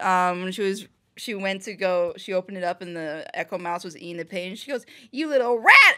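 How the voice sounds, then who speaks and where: Bright-voiced woman rambling through a reaction. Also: mid-range voice. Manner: chatty, rambling, with many fillers and restarts. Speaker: reaction video host. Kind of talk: casual reaction commentary. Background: show audio with music.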